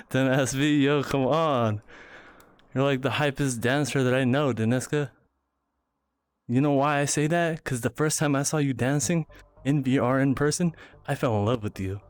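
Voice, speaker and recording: A young man livestreaming, dancing in VR while chatting to viewers, out of breath, giggly and animated. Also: mid-range voice, measured pace, long pauses, soft background music. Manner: chatty, giggly, animated, reads chat aloud. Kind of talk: casual live-stream chat.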